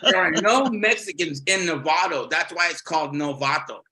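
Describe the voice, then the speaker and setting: A man's voice: a little high, normal speed, over a noisy crowd, low-quality recording. A man doing a stand-up set over a video call, rambling, swearing often and laughing at his own jokes. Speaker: stand-up comedian.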